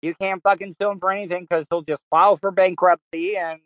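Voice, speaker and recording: A man's voice: sits high, fairly even intonation, a little fast, dry recording. Man, podcast host, easygoing casual chat, dull dry recording.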